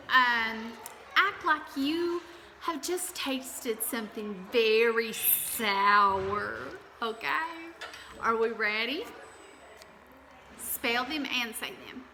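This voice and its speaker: A woman teaching a kindergarten class, drawing out letters and words slowly and cheering the children on. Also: on the high side, background noise. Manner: slow and drawn out when spelling, encouraging. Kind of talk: slow, clear classroom lesson.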